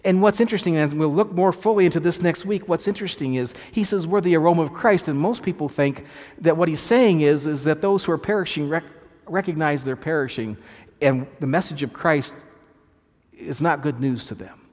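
Male pastor, sermon delivery, earnest and emphatic, slightly higher voice, long hall reverb. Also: fairly quick, darkish tone. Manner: earnest preaching with repeated restarts and emphatic quoted lines.

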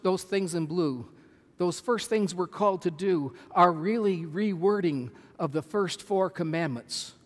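A man preaches a sermon in a slightly higher register than most men. He teaches earnestly and emphatically and puts questions to his listeners. His voice carries a long reverb that lingers in the hall. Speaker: preacher teaching a Bible study.

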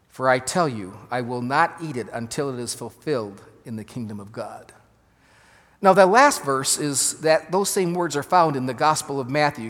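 A man's voice: medium pitch, a bit bright. A man preaching a sermon in a church, earnest and emphatic, sometimes correcting himself as he goes. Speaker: pastor. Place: church sanctuary. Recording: long reverb of a church hall.

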